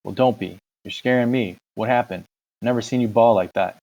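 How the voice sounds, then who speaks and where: A gentle teenage boy, as a male reader puts him on, speaking softly in a slightly lifted voice. He sounds calm and loyal. The recording is dull and lo-fi. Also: fairly low pitch, a little fast. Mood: soothing. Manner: soft, calming.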